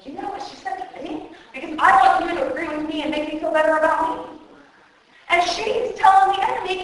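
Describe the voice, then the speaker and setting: A woman preaching a sermon, animated and joking, acting out little voices as she teaches. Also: very high voice, a little fast. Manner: animated, jokey, acts out voices. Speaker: women's speaker preaching on Genesis. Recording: very echoey hall.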